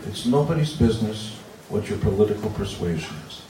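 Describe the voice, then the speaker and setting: A man's voice: on the low side, expressive, a little fast, dark tone, slight background noise. A man in his sixties telling blunt, joking stories to a live audience between guitar chords. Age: 60s. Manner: joking, blunt, crude asides. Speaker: musician telling stories to fans. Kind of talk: casual live storytelling with guitar. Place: event room with an audience. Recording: roomy, distant mic with guitar.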